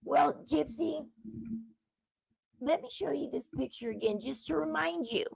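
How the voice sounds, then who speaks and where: A woman's voice: high-pitched, measured pace, gravelly, no room sound, rough recording. A woman streamer giving emphatic true-crime gossip commentary, repeating points and lecturing her viewers.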